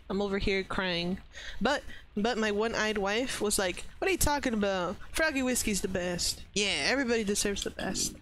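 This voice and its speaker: A woman streaming gameplay, chatting to her viewers in an excitable, jokey way. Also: mid-range voice, a little hiss or hum. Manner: excitable, jokey, talks to chat. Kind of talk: playful gameplay commentary.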